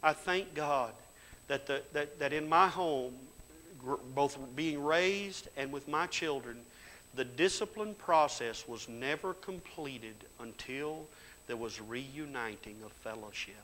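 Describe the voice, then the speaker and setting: A middle-aged man preaching a sermon in a church. He tells folksy stories in plain grammar and builds to loud, fervent exhortation. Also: on the high side, slow, slight background noise, poor audio. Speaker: pastor. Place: church sanctuary.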